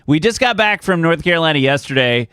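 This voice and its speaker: A man's voice: on the high side, lively intonation, fast, bright, forceful tone, clear, resonant tone, no echo, studio quality. Rambling man telling stories. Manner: rambling storyteller, chuckles often. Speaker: streamer. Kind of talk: casual chat with live chat.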